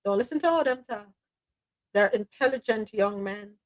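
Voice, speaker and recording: On a live talk show, the Jamaican host offers casual commentary with animated emphasis, sometimes switching into patois. She speaks at normal speed in a medium-pitched voice, captured on a low-quality recording.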